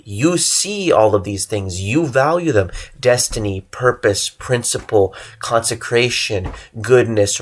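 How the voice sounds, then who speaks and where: A young man delivering an earnest preaching monologue, exhorting listeners and stressing lists of single words. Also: on the low side. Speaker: religious channel host.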